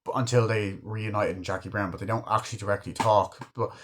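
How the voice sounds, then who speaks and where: A man's voice: fairly low pitch, fairly even intonation, brisk, a little hiss or hum. A man giving a casual, rambling film review, swearing freely as he retells scenes. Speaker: movie reviewer.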